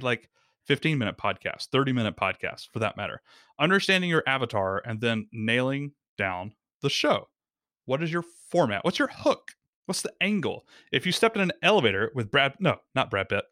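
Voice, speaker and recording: A man explaining podcasting as a guest in a casual talk, lively and acting out little quotes. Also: mid-range voice, a little fast, dry recording, studio quality.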